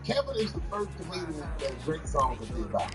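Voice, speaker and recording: A man from Washington, D.C., does stand-up storytelling, acting out each character with rough language. His voice sits high and leaps all over the place. The clip sounds distant, with loud music layered over it. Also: very animated, brisk. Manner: profane, acts out characters in the story. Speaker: stand-up comedian. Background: music from a game stream.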